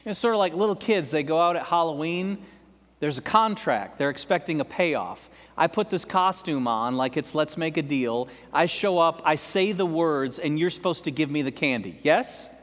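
Guy preaching in a church, highish voice, chatty and jokey with the crowd, big echoey hall. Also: animated, moderate pace. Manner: conversational, joking asides to the congregation. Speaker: pastor. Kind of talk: sermon. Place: church sanctuary. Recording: long hall reverb.

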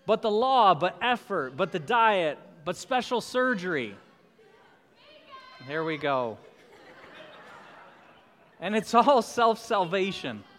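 High-voiced preacher in a reverberant church. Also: male voice, very animated, takes it slowly, pauses often, a bit bright, a faint crowd. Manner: emphatic preaching with repeated refrains. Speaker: pastor. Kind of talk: sermon. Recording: long hall reverb.

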